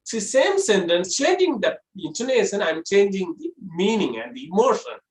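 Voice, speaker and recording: A college lecturer giving a lecture on voice modulation, explaining step by step and demonstrating with exaggerated pitch shifts. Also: sing-song, normal speed. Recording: roomy echo.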